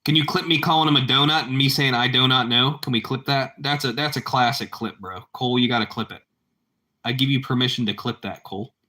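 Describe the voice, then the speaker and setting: A man's voice: medium pitch, steady tone, fast talker, sharp tone. A man chatting casually with his livestream viewers, rambling and repeating himself, and calling them bro. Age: adult parent. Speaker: livestream host.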